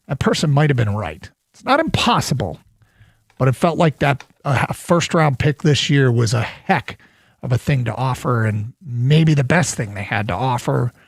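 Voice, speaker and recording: A man's voice: medium pitch, animated, normal speed, gravelly, husky, dry recording, clean studio sound. A man hosting a sports talk radio show, chatting casually, taking calls and mocking himself.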